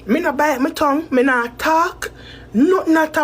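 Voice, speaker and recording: With a high-pitched voice at a moderate pace, a Jamaican woman addresses her viewers in a casual to-camera rant. It's emotional, rambling, and loaded with curse words, as she creates content for her audience.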